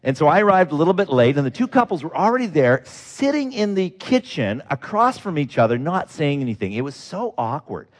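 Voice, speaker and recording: A male pastor delivers a story-driven sermon, his voice swinging widely in pitch as he acts out the people in the story. He sits a little higher than most men and laughs now and then as he speaks. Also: a little fast, few pauses. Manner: animated, acts out quoted people, breaks into laughs.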